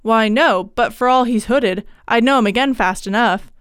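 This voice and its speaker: Storybook bit: woman voicing a plain-spoken rustic boatman, crisp and dry. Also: on the high side, moderate pace, a bit bright, no room sound, natural voice. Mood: uneasy. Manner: country dialect speech. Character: rough rustic male boatman, blunt.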